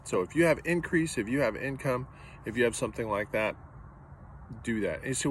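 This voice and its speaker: A man's voice: medium pitch, animated, fairly quick, slight background noise. A man preaching a sermon as pastor, earnest and direct, driving points home with repetition.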